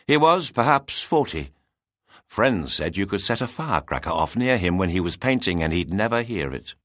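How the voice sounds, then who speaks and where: A man narrating a storybook in an expressive, descriptive reading. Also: deep voice, moderate pace, no echo, studio quality.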